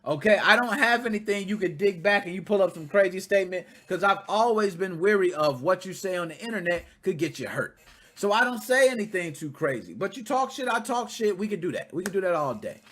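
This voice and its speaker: A man in his thirties hosting casual commentary, talking straight to his viewers in a blunt, profane, animated way. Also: high voice, a little fast. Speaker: commentary channel host.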